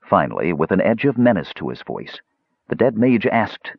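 A deep, husky male voice narrates a fantasy audiobook. His pitch rises and falls with plenty of movement. The recording is dry and slightly dull. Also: sing-song, normal speed, dry recording.

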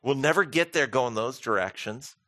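A man preaching a sermon as pastor, animated and humorous, acting out quoted voices. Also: medium pitch, normal speed, dry recording, clean studio sound.

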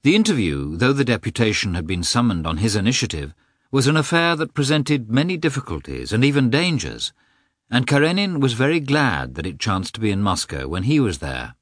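A man narrating an audiobook in an expressive, measured reading. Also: medium pitch, no room sound, clean studio sound. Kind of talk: scripted narration.

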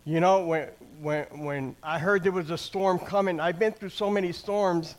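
Sitting high with fairly even intonation and a normal speed, an older man's voice delivers a conversational sermon and personal testimony. He speaks plainly, often restarting his phrases, and keeps asking the crowd "amen?" and "right?"

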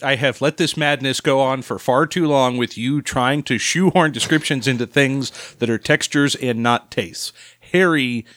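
A man co-hosting a casual beer tasting podcast, correcting the others in a dry, deadpan way. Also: mid-range voice, normal speed, few pauses, no echo. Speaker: podcast co-host.

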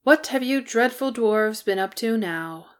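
A woman's voice: on the high side, expressive, unhurried, voice pushed up. Woman reading a dry-witted fussy hobbit. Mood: polite. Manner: dry, genteel, flustered. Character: fussy polite male hobbit, dry wit.

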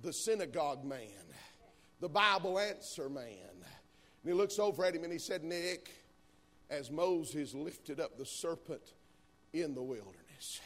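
A man preaching a sermon, moving between calm storytelling and loud, fervent climaxes. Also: on the high side, measured pace.

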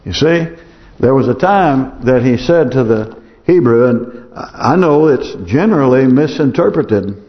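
A man's voice: medium pitch, expressive, a little slow. A man preaching as pastor in a church, earnest and pleading, repeating phrases for emphasis. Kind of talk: sermon. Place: church sanctuary. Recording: dull sound with long hall reverb.

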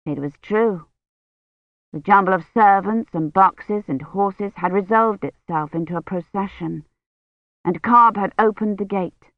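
A woman narrating an audiobook in a slow, measured, even reading. The sound is dry and close, with a dull, lo-fi band. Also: mid-range voice, dry recording. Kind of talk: scripted narration.

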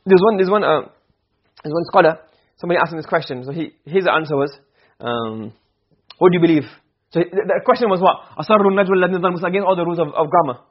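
Fast-talking husky male teacher. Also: on the high side, lo-fi sound. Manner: explains, then checks understanding with quick questions. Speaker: Arabic grammar teacher. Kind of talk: classroom lecture.

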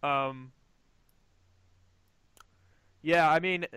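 Brief: man, gaming podcast host, excitable, swears, smooth dry close-mic voice. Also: on the high side, a little slow, dry recording. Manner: excitable, swears freely, acts out quotes. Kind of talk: casual gaming podcast chat.

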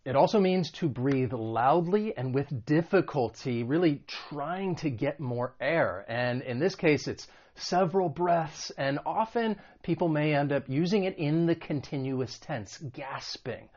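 A man teaching an English lesson, patiently explaining word meanings and modeling pronunciation slowly and clearly. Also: on the high side, animated, a little mellow. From United States. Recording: dull lo-fi recording.

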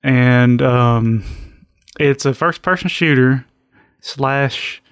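A man's voice: mid-range voice, extremely slow, smooth, no room sound, clean studio sound. A man co-hosting a casual podcast chat, talking in a blunt, profane, easygoing way. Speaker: podcast co-host.

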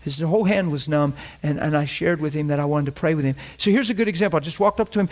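Storytelling preacher, slightly high voice. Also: male voice, fast talker, hardly any pauses, a little mellow. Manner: storytelling, acting out both sides of conversations. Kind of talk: sermon with acted-out anecdotes.

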